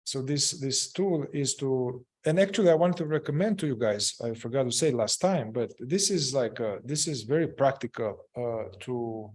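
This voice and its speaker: A man's voice: mid-range voice, moderate pace, few pauses, darkish tone. Hesitant man guiding a group. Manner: hesitant, many fillers and restarts. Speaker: group facilitator. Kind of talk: guiding a group in therapeutic inquiry.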